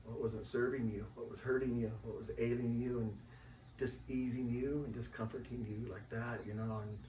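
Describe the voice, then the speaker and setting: A man talking casually as an interview guest, rambling and animated and acting out the voices of people he quotes. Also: medium pitch, moderate pace, a little hiss or hum. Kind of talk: casual conversation. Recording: roomy, distant mic, faint ambience.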